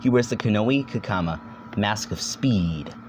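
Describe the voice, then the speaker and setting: A man's voice: lowish voice, lively intonation, a little mellow, a little hiss or hum. A young man narrating a casual comedic video essay, rambling and joking, swearing now and then. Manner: rambling, jokey, swears, quick silly voices.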